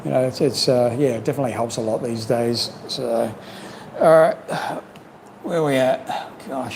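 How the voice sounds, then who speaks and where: Croaky man rambling on a livestream. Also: medium pitch, darkish tone, slight background noise, low-quality recording. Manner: rambling and reflective, full of "you know". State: slightly croaky from long talking. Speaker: livestream host. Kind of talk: casual livestream chat. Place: home in Cambodia.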